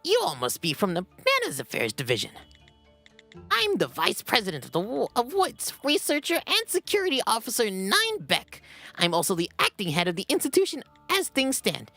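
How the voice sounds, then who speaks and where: A woman's voice: fairly high pitch, wildly swooping pitch, moderate pace, a bit bright, soft background music, pitched above the performer's own voice, full character voice. A woman voicing a pompous research facility vice president who welcomes visitors in a grand, showy way.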